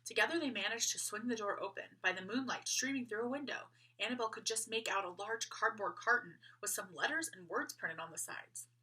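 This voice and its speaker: A woman reading a children's book aloud, gentle and expressive. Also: mid-range voice, brisk, hardly any pauses, husky. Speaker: storyteller.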